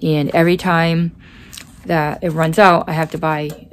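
Woman chatting through a craft vlog, kinda low voice, rambly with lots of ums, faint hum behind. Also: flat delivery, unhurried. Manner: chatty, rambling with many fillers. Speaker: crafting channel host. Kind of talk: casual crafting vlog chat.

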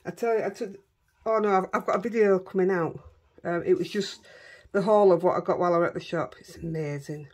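A woman with a broad Yorkshire accent and a fairly low, breathy, husky tone. She chats in a relaxed, homely way while she works on a craft project, muttering asides to herself and her dogs. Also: brisk. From Yorkshire, England. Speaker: craft vlogger. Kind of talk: casual crafting chat.

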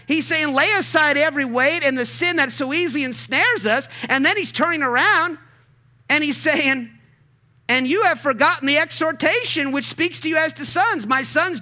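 A man preaching a sermon as pastor, calling out to the congregation and building to emphatic shouts. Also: extremely high pitch. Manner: call-and-response preaching, swells to emphatic shouts.

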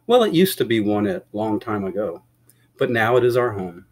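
A man voicing a calm, reassuring husband in an audiobook, gentle and warm in tone. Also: lowish voice, moderate pace.

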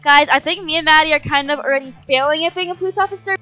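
Very high bright excitable female gamer. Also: rapid-fire, faint music behind. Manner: excitable, gasps and playful mock outrage. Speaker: gaming channel host. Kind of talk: excited Let's Play commentary.

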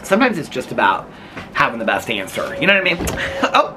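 Fast and sing-song, a mid-range male voice chats playfully to viewers while vlogging outdoors at home in the evening, with background noise behind him. He rambles and laughs as he talks to the camera.

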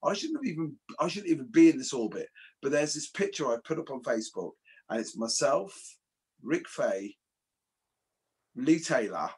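Guy, kinda husky, rambly animated storyteller, swears a bit. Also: medium pitch, normal speed, pauses often. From England. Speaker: martial arts instructor. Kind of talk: casual podcast chat.

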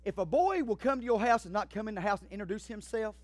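High-voiced fervent preacher man. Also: animated, quick pace, dry recording. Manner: addresses the congregation directly. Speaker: pastor. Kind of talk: sermon.

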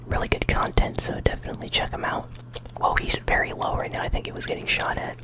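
A channel host whispering gameplay commentary while chewing gum, relaxed and chatty, with flashes of excitement. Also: quick pace.

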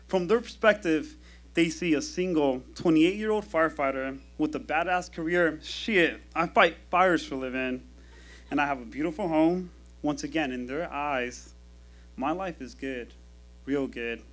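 A man telling a personal story at a live storytelling show, in a wry, measured delivery with dramatic pauses, into a stage microphone. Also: fairly high pitch, a bit bright.

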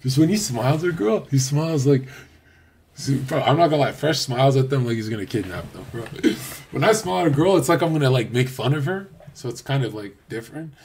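A man's voice: medium pitch, expressive, a little fast, a little mellow, slight background noise. A man livestreaming a casual rant, crude and boastful, swearing often and rambling loosely with restarts. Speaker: streamer.

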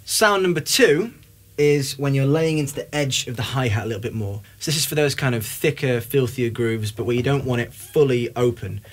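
A man's voice: mid-range voice, brisk, hardly any pauses. A young man giving a casual, upbeat drum lesson, talking between demonstrations at the kit. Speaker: drum teacher. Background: drum kit playing.

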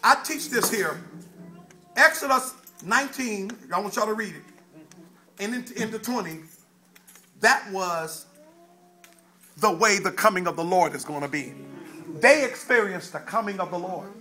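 A man preaching a sermon in a fiery call-and-response style, shouting at times and dropping low at others. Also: animated, normal speed, pauses often, soft background music.

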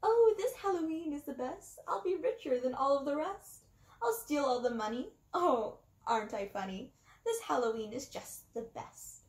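A woman's voice: high voice, wildly swooping pitch, normal speed, few pauses, a little mellow. A woman voicing a boastful male villain clown rat who taunts in sing-song rhymes. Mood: gloating sing-song. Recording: roomy echo.

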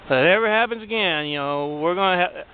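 A man's voice: high voice, quick pace, natural voice. A man voicing a lenient female store security guard over a tinny phone-like line. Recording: tinny phone-like sound, faint noise.

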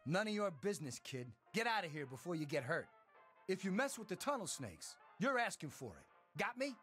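An actor playing a cocky teenage gang leader in a video game, taunting and sneering. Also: male voice, high voice, sing-song, a little fast, a bit bright, slightly rough, faint music behind, exaggerated voice. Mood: threatening.

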